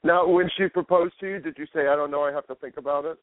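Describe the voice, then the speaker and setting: A man's voice: fairly high pitch, steady tone, fast talker, no room sound. A male interviewer asking questions on a phone call, meandering and rephrasing as he goes. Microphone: telephone. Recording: dry tinny phone line.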